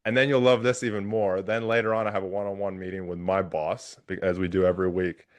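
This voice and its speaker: Deep-voiced man telling an animated story. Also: fast. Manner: animated personal storytelling with many restarts. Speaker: podcast host. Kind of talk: casual conversational interview.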